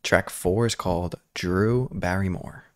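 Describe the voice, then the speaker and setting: A man's voice: low-pitched, fairly even intonation, a little slow. A young man reacting to songs with his father, talking in an enthusiastic, gushing way. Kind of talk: casual reaction chat.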